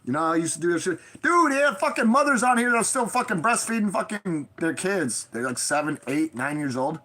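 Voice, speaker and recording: Profane animated woman, bright voice. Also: fairly quick. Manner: profane, animated, swings pitch for quoted voices. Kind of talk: casual storytelling vlog.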